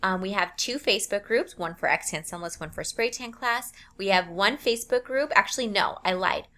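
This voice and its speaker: A woman's voice: medium pitch, a little fast, pushed and bright. A woman in her thirties hosting her own podcast, talking in an upbeat, chatty way and correcting herself as she goes. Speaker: podcast host. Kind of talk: casual solo podcast talk.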